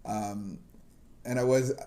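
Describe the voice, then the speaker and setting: Rambling, chuckling man with a mellow voice. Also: mid-range voice, steady tone, slow pace. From missionary kid raised partly in Southeast Asia. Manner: rambling and self-deprecating, with frequent restarts and chuckles. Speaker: recovery podcast host. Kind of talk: casual conversational storytelling.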